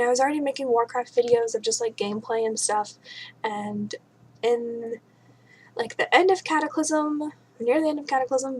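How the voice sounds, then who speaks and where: A young woman chatting casually on a webcam, answering viewer questions in a bubbly, rambling way full of "like" and "um.". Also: fairly high pitch. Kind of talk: casual chat. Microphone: webcam mic. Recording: faint room noise, webcam mic.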